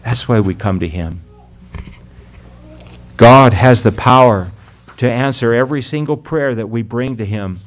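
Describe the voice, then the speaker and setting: Earnest male preacher with swelling emphasis. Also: mid-range voice. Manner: earnest preaching, drops loud then soft for emphasis, slows on scripture; addresses the congregation as "my friends" and "beloved". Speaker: pastor. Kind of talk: sermon.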